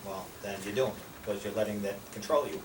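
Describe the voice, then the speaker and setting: A lowish, brisk voice belongs to an older man from the United States casually telling a small group blunt, profane stories full of life lessons. He animatedly voices the people he quotes, and the recording is roomy and distant with noticeable background noise.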